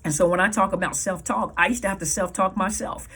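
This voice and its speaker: A woman's voice: medium pitch, fairly even intonation, fast, a bit bright, slightly rough. A woman counselor giving earnest advice to viewers, emphatic and repeating her key points. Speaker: counselor and coach.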